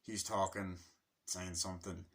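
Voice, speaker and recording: A man's voice: low voice, level tone, unhurried, a bit bright. A man giving a casual, rambling movie review, swearing freely and loosely chatty.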